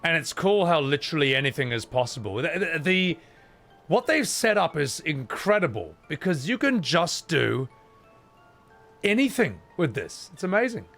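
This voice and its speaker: A man's voice: fairly high pitch, sing-song, normal speed, gravelly, a bit bright. A man casually commenting while playing a video game, chatty and swearing freely, laughing often. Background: game music.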